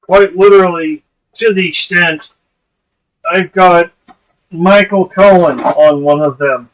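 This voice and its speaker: A livestream host with a high voice talks slowly in a casual chat, speaking bluntly, laughing often, and swearing freely. His voice comes across as distant from the mic.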